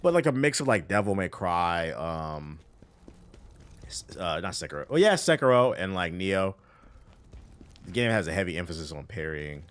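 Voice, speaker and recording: This livestreamer has a low, D.C.-accented voice with big swings in pitch and a normal pace. He plays a game on stream while chatting casually, cursing freely in loose slang and replying to his chat.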